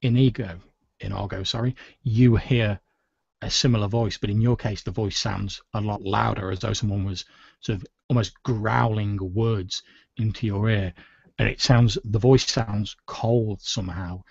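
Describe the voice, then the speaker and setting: A low, gravelly and husky man narrates as game master, leaning on "sort of" as he lays out each scene. The recording is dry and dull, with a lo-fi feel. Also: fairly even intonation, moderate pace, no echo. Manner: descriptive, with frequent "sort of" hedges.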